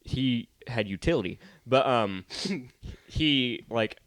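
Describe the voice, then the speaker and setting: A man's voice: mid-range voice, slow pace, fairly bright tone, clean tone, dry recording. Joking young man with stammering restarts. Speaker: podcast co-host. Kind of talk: casual chat.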